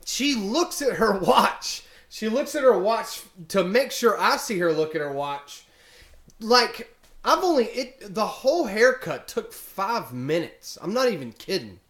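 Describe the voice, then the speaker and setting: A man's voice: high-pitched, very animated, unhurried, a bit bright. A young man telling a story to camera in a rambling, casual way, full of fillers. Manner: rambling, filler-heavy retelling of a complaint. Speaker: vlogger. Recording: echoey room.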